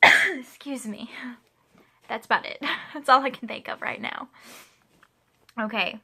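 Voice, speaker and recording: A woman around twenty speaks casually from her home, wandering through questions with offhand asides. Her voice sits a little high and has a bright, forward edge. The delivery is chatty and unpolished. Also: moderate pace, gravelly. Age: 20s. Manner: chatty, rambling, laughs and asides. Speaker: vlogger. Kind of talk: casual chat answering a question tag. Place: home room with a pet playing.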